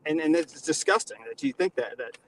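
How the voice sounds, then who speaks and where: Nasal, lecturing man with a high voice. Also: big pitch swings, brisk, vocal fry, slight background noise, poor audio. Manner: lecturing, mock-condescending. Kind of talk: casual comedic panel chat.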